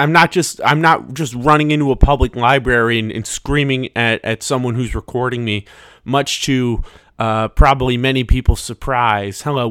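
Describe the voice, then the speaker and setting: A man's voice: medium pitch, a bit bright, clean tone, no echo. A man hosting a solo podcast from his bedroom, talking in a rambling, jokey way with lots of restarts and asides, close to the microphone. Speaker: podcast host.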